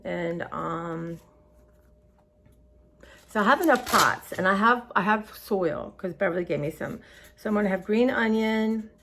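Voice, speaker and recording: A woman's voice: medium pitch, vocal fry, a bit bright. A woman vlogging in a casual, rambling way, chatty and scattered, sounding tired and emotional. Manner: scattered, chatty, says y'all often. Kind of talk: casual rambling chat to viewers.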